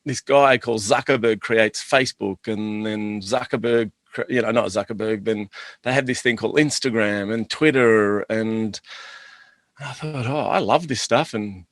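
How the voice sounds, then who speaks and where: A man's voice: fairly low pitch, steady tone, measured pace, fairly bright tone, no echo. A middle-aged man, a guest on an interview, enthusiastically telling rambling anecdotes about his business. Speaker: guest, chocolate business owner. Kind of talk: casual interview storytelling.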